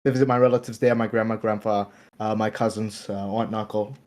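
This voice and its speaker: A man's voice: fairly low pitch, fairly even intonation, fast talker. A young man from Long Island, New York, with a Long Island accent, chatting loosely and profanely as a podcast guest. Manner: loose and profane, jumps into loud mock voices. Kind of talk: casual podcast chat.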